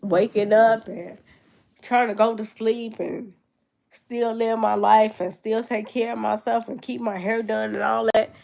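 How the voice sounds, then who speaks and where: A woman's voice: fairly high pitch, fairly even intonation, unhurried, creaky, a little mellow. A young woman talking casually and reflectively to camera in a room at home, loose and conversational with many fillers. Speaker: vlogger. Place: her grandmother's room at home.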